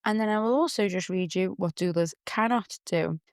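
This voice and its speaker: A young woman with a Liverpool accent hosting a podcast in a candid, chatty way, often quoting people in lively voices. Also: medium pitch, moderate pace, no room sound, clean studio sound. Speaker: podcast host, doula. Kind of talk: casual chat.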